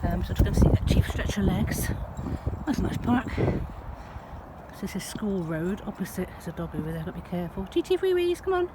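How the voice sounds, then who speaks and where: Chatty woman over loud engine noise. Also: on the low side, moderate pace. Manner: chatty, rambling. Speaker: vlogger. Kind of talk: casual vlog to camera. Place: in and around a van.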